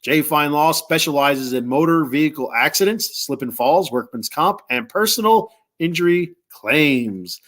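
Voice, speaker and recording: A man hosting a sports podcast, reading sponsor spots casually with lots of fillers and slow, careful reading of phone numbers. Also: on the high side, lively intonation, fairly bright tone. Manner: rambling, filler-heavy, tired; reads numbers slowly and deliberately. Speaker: podcast host.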